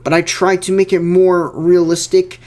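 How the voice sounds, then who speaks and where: A man's voice: sits high, level tone, moderate pace, darkish tone. A young man giving casual director's commentary on his fan film, rambling with many fillers and repeated words.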